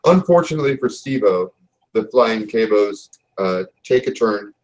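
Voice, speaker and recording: A man narrating a tabletop game as game master, telling the scene in a relaxed, casual way. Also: lowish voice, moderate pace, rough recording. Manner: relaxed storytelling with casual fillers.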